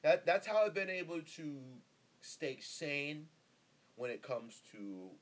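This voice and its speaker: A man's voice: on the high side, sing-song, slow pace. Rambling, profane young man hosting a podcast. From Northern California. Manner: rambling, profane and laid-back, with lots of fillers. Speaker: podcast host. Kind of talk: casual solo podcast monologue. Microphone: close podcast microphone.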